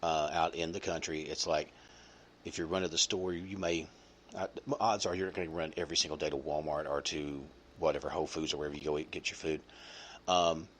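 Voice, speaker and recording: A man's voice: very deep voice, steady tone, a little fast, fairly bright tone, slight background noise. A man hosting a podcast, chatting casually and rambling with many fillers and restarts. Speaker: podcast host. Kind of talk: casual chat.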